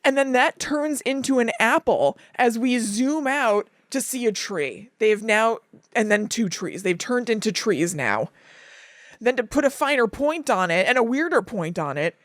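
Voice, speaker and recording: Animated woman recapping, higher voice, dry sound. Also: measured pace, dry recording. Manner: animated, laughing and crying while retelling. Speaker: podcast co-host. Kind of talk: casual chat recapping a cartoon episode.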